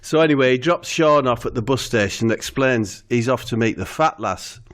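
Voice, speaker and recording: A man, telling a rambling comic story to a co-host in a deadpan way. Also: medium pitch, brisk, slight background noise. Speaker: comedy podcast storyteller.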